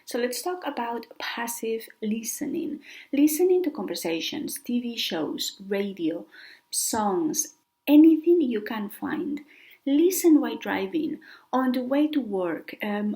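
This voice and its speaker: Slow, breathy-toned Spanish-accented woman teacher. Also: fairly high pitch, sing-song, dark tone. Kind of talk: online language lesson.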